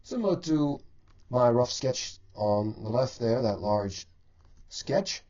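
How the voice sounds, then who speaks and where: Male art teacher demonstrating painting, measured and explanatory, middle pitch, slightly dull lo-fi recording. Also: lively intonation, darkish tone. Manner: measured, explanatory, stretches key words for emphasis. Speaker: painting instructor. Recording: dull lo-fi voice-over.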